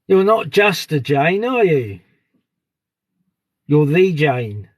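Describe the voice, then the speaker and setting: A man's voice: on the high side, big pitch swings, slow, dry recording. A man live streaming outdoors at dusk on a phone, chatting casually and greeting viewers by name. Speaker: live streamer on a sky watch.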